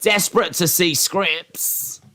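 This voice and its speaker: A man's voice: sits high, slow pace, pushed and bright, pitched above the performer's own voice, exaggerated voice. Man putting on a chirpy Australian news bloke. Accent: put-on Australian. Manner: chirpy, breezy news-flash delivery.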